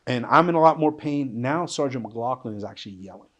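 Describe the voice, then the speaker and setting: A man giving an emotional personal account as a panel guest, halting and subdued, with restarts and trailing pauses. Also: mid-range voice, animated. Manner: subdued, intense storytelling. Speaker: panel guest recounting survival.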